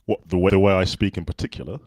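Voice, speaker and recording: A man's voice: sits low, very fast, slight background noise. A man from the UK with a well-spoken, non-regional Southern English accent, a podcast guest chatting casually and acting out the people in his stories. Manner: relaxed storyteller who acts out other people's lines. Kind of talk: casual interview chat.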